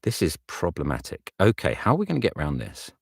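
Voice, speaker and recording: A man's voice: sits low, huge pitch swings, fairly quick, creaky, no echo, studio quality. A man, an audiobook narrator, muttering his thoughts aloud while working in his home recording booth. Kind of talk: casual behind-the-scenes commentary.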